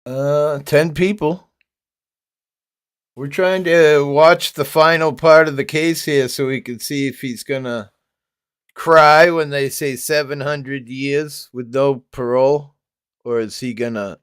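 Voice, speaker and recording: A man's voice: mid-range voice, steady tone, slow, clear, resonant tone, dry recording, studio quality. A man with toothless, gummy speech, chatting casually on a livestream, laughing often and reading comments aloud. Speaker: livestream host reading chat.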